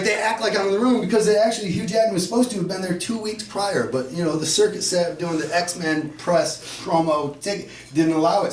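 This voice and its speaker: Man from Flint, lively storyteller, high-ish voice, foul-mouthed, echoey cafe room heard from a distance. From Flint, Michigan. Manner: animated, profane, swings from low mutters to shouted bursts. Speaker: open mic storyteller. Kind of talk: comic storytelling. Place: cafe open mic night. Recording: echoey room, mic far off, faint noise.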